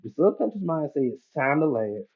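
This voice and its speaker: A man's voice: on the high side, big pitch swings, brisk, narrow, tinny audio. Colloquial male hypnotherapist acting out inner voices. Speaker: hypnotherapist and coach. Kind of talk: casual teaching talk.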